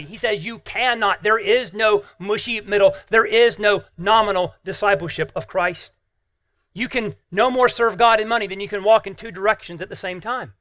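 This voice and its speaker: Male pastor, sermon, emphatic and earnest, high bright voice, dry close sound. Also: no room sound. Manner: earnest, emphatic preaching with rhetorical questions.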